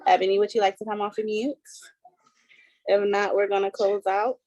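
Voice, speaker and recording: A woman's voice: mid-range voice, flat delivery, moderate pace, a little mellow. A woman hosts a casual chat over a video call, speaking earnestly and with emphasis. The sound is dry and close, with no room echo. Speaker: host.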